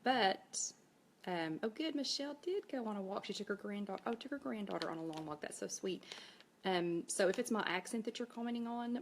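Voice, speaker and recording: A woman's voice: on the low side, creaky, a little hiss or hum. A woman with an East Tennessee accent, hosting a casual Facebook Live chat and reading viewer comments aloud as she talks. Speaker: host.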